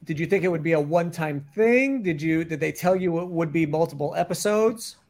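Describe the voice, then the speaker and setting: Gravelly, higher-voiced male podcast host. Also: expressive, a little fast, a little mellow. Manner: conversational questioning. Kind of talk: casual interview chat.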